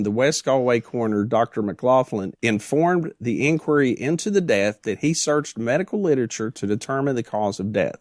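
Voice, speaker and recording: Man, podcast co-host, reads reports aloud, dry joking asides, medium pitch, dry close recording. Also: no room sound. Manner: dry, joking asides between read passages. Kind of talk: casual chat, reading case reports aloud.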